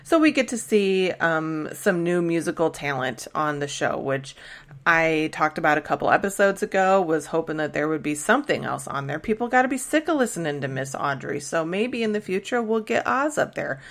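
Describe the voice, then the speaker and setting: A woman's voice: sits low, expressive, moderate pace, fairly bright tone. A woman hosting a podcast, recapping a TV episode in a casual, chatty way with many fillers and restarts. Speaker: podcast host recapping a TV show.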